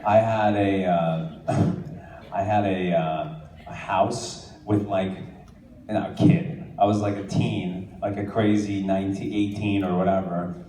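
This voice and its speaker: A man's voice: low voice, steady tone, slow pace, mellow. A man from New Jersey, a guest actor answering fan questions at a convention panel, joking and teasing and laughing often. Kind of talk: casual fan Q&A. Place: large convention hall with an audience. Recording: echoey hall, distant mic, crowd noise.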